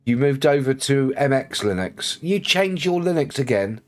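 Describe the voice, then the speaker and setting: A man's voice: mid-range voice, lively intonation, unhurried, faint music behind. A man chatting casually with viewers while streaming a game, greeting people and laughing often. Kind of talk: casual chat while livestreaming.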